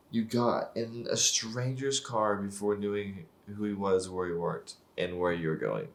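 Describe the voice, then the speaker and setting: A man with a fairly low voice reacts to a TV show in loose, swear-filled commentary. He sounds exasperated and mocking, and laughs often as he picks the script apart. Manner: laughs often while talking.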